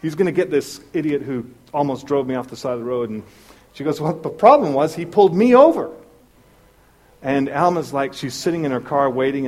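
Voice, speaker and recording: A man preaching a sermon, telling a story in an animated way and acting out the voices of the people in it. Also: medium pitch. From Southern California. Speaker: pastor.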